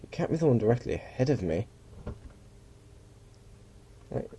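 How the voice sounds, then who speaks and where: A man's voice: mid-range voice, sing-song, normal speed, dark tone, a little hiss or hum. A man giving casual, rambling commentary while playing a flight simulator. He mutters and mocks himself, and now and then slips into mock pilot announcements.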